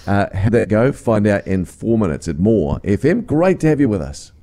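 A man's voice: lowish voice, big pitch swings, moderate pace, dark tone. Jokey male radio host. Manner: jokey, laughs often. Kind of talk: breakfast radio banter.

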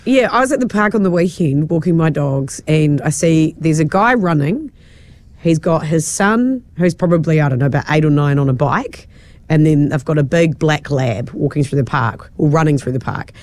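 Animated New woman radio host. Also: sits low, normal speed. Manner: storytelling, animated, acts out quotes. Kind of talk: casual radio chat. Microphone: studio mic.

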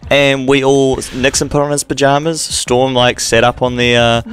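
A man's voice: medium pitch, level tone, moderate pace, fairly bright tone, clear, resonant tone. A man on breakfast radio, telling a story in a dry, laid-back way. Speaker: radio co-host. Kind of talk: casual radio banter. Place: radio studio.

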